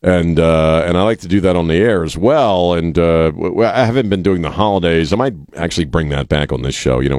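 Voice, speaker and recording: A man's voice: rumbling low, a little mellow, no echo, clean studio sound. A man hosting a talk radio show, rambling casually with many restarts and an irreverent streak. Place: radio studio. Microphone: studio mic.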